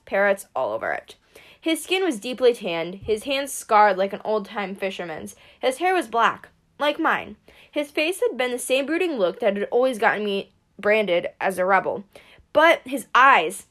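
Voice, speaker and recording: A woman's voice: a little high, fairly bright tone. Woman reading a first-person story aloud. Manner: reads steadily with occasional slips. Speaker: reader.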